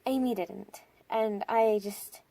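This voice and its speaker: A teenage girl telling a school story in a casual storytime vlog, excitable and full of filler words, breaking into dramatic squeals. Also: mid-range voice, takes it slowly, vocal fry, dry recording. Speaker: storytime vlogger.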